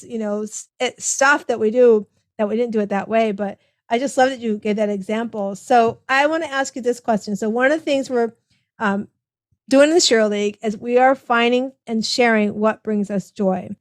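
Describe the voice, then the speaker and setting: A woman's voice: fairly high pitch, dry recording. Chatty woman host, dry sound. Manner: chatty, warmly agreeing, rambling asides. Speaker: podcast host. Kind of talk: casual interview chat.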